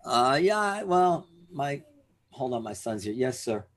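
A man's voice: medium pitch, very animated, slow pace. A tired man joining a video call as a guest, speaking briefly in a subdued way.

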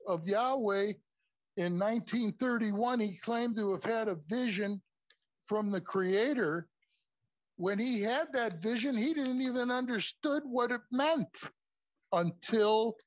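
High-pitched guy giving a chatty sermon, keeps saying folks, dull lo-fi sound. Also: no echo. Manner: conversational, repeatedly says "folks". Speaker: preacher teaching a class. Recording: muffled, lo-fi recording.

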